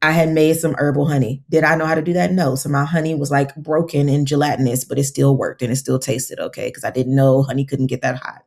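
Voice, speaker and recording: A woman's voice: extremely low pitch, steady tone, quick pace, hardly any pauses, a little mellow. A woman herbalist, a guest on a podcast, telling stories in casual conversation and acting out her own quotes.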